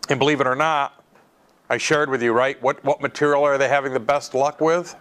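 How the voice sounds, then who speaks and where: A man's voice: mid-range voice, fairly even intonation, a little fast, fairly bright tone. Guy teaching an electronics class, chatty lecture style, repeats the key words, asks the room questions.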